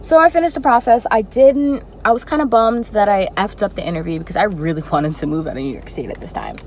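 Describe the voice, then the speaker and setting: A young woman telling a personal story in a casual vlog, animated and expressive with dramatic reactions. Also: medium pitch, quick pace, a little hiss or hum, rough recording. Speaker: flight attendant vlogger.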